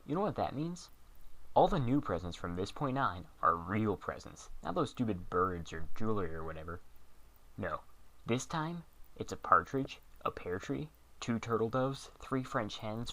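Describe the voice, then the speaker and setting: Deadpan, lively-voiced man narrating comedy. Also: mid-range voice. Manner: sarcastic, deadpan, quick asides. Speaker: comedy video host.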